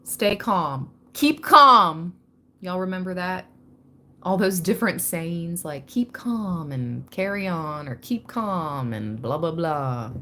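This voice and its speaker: A woman's voice: lowish voice, animated, slow pace. A woman hosting a live spiritual reading, chatty and laughing often as she talks straight to her viewers. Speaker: tarot reader hosting a livestream.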